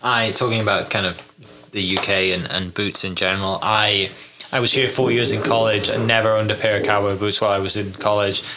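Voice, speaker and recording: A man's voice: fairly low pitch, steady tone, fairly quick, background noise. A young man hosting a podcast, telling stories casually with many fillers and restarts. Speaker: podcast host. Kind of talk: casual interview chat.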